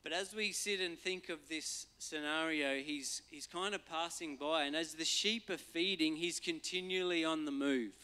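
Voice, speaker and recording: A man, a pastor giving a relaxed, conversational sermon and acting out voices now and then. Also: a little high, normal speed, few pauses, smooth. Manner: conversational, acts out voices and quotes for humor.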